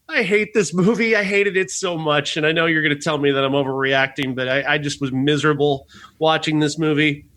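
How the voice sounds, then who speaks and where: A man's voice: fairly high pitch, steady tone, brisk, pushed and bright. A man co-hosting a movie review podcast, ranting with swearing and frequent laughter. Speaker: podcast co-host. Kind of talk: casual movie review chat.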